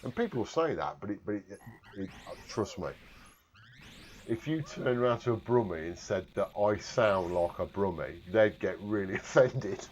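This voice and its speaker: A man from Warwickshire, England, speaks in an animated way at normal speed, his voice fairly low and darkish in tone. He's on a live stream, chatting casually as he reads comments from viewers, rambling, teasing himself, and swearing offhandedly.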